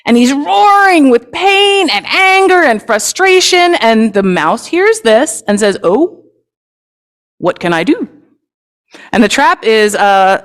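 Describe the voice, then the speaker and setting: Woman telling the kids' story at service, kinda high voice, upbeat and chatty, big church reverb. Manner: lively, chatty and inviting. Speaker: worship leader. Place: congregation sanctuary. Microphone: microphone.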